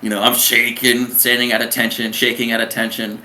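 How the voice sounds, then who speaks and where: A man's voice: medium pitch, flat delivery, a little fast, sharp tone. A young man in his twenties, a submariner, telling his story as an interview guest in a rambling way, full of fillers and restarts. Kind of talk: casual conversational storytelling. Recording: roomy echo, faint background noise.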